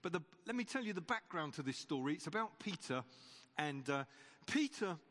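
Preacher in an echoey church. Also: male voice, on the high side, big pitch swings, moderate pace, a bit bright. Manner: conversational, with frequent restarts and repeated words. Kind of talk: sermon with retold Bible story. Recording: long church reverb.

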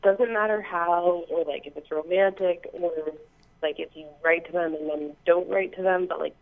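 A woman calling in to a show, talking excitedly and rambling with lots of ums, heard over a phone-like internet line. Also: lowish voice, moderate pace, vocal fry. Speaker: caller. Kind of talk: call-in chat.

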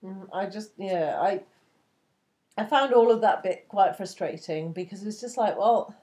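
A woman's voice: medium pitch, animated, measured pace, mellow. A woman co-hosting a podcast in casual chat, blunt, swearing and laughing often. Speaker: podcast co-host.

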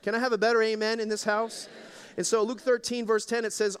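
A man's voice: high voice, level tone, quick pace, smooth. A male pastor preaching a sermon at a church service, exhorting the congregation and calling for their responses. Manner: exhorting, calls for audience response.

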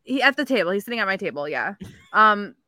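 Bright-voiced woman telling a story. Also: medium pitch, fast talker, no echo, clean studio sound. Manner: animated anecdote-telling with quoted voices. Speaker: podcast co-host. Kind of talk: casual chat, storytelling.

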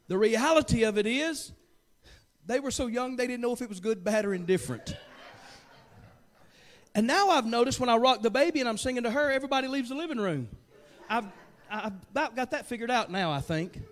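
A pastor preaching a sermon in a church. He drops to quiet, joking asides and then builds to shouted, fervent peaks. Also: very high-pitched, expressive, brisk.

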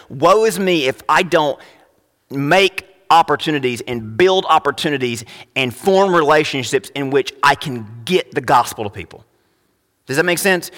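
A young adult man preaching a sermon as pastor, emphatic, rising to loud high peaks. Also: animated, normal speed, big-room sound.

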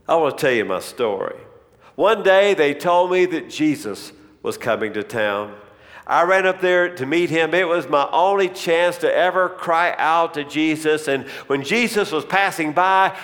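A man voicing a formerly blind man who tells his story in an impassioned way, crying out loudly, recorded in a reverberant hall. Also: fairly high pitch, close to an everyday voice. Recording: long reverb in a large hall.

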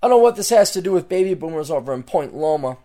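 A man's voice: fairly high pitch, lively intonation, quick pace. Heated, rambling man ranting solo. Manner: rambling, repetitive, loses his thread; heated, swings between loud outbursts and muttering asides. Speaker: podcast host.

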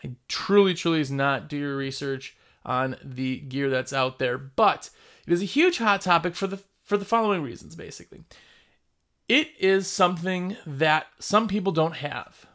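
A man's voice: a little high, lively intonation, normal speed, fairly bright tone. A man hosting a casual video about his trade, talking bluntly and emphatically, often repeating himself. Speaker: window cleaning business owner and video host. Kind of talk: casual vlog talk.

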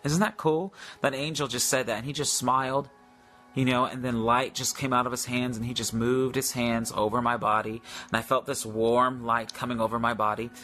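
A man's voice: mid-range voice, level tone, normal speed, pushed and bright, soft background music. A man preaching in a live-stream devotional, repeating declarations for listeners to say after him.

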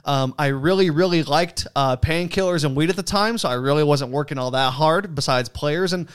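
A young man hosting a podcast, talking in a casual, rambling, profane way and telling animated stories. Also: fairly high pitch, moderate pace, smooth. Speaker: podcast host. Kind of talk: casual chat.

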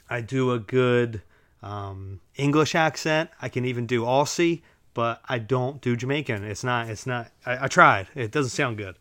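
A man's voice: medium pitch, fairly bright tone, no room sound. Rambling casual man, dry close sound. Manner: rambling, filler-heavy, joking asides to listeners. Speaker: podcast host. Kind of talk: casual solo podcast monologue. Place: at home, relaxed, drinking while recording.

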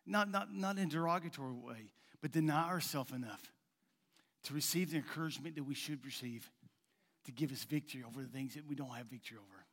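A male pastor preaching in a folksy, rambling way, at times dropping to a soft coaxing tone. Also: medium pitch, fast talker. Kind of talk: sermon. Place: church sanctuary. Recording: long hall reverb.

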